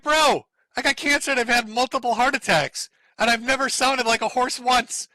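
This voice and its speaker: A middle-aged man rattles off sarcastic, mocking commentary on his live stream and laughs often. His voice sits high and bright. The sound is dry and close, with no room behind it. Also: normal speed, hardly any pauses, no echo. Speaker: streamer host.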